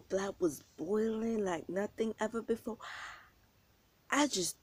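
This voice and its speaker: A woman telling a story on her vlog, slangy and animated, acting out the quotes with loud bursts. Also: mid-range voice, measured pace, pauses often, breathy edge. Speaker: vlogger.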